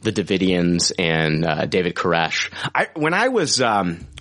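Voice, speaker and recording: A man in his forties hosts a casual podcast chat in a lowish voice. He rambles with lots of fillers and swears freely. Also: big pitch swings, a little slow, fairly bright tone. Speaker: podcast host.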